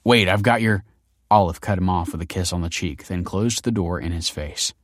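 A man narrating an audiobook in a steady, measured way. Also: low voice, dry recording, studio quality.

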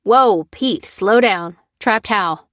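A woman voicing a gruff, short-tempered male army sergeant who snaps out orders. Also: mid-range voice, slow, fairly bright tone, no echo, clean studio sound.

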